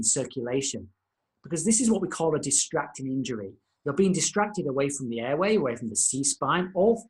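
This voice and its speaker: A man with an Australian accent, a senior lecturer giving a recorded lesson to paramedic students in an informal, instructive manner. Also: mid-range voice.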